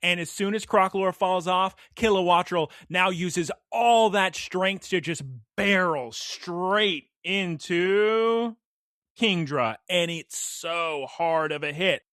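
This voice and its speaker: A man co-hosting a podcast, excitedly recapping an episode with hyped, animated storytelling. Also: high voice, measured pace, few pauses, no echo, clean studio sound. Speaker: podcast co-host.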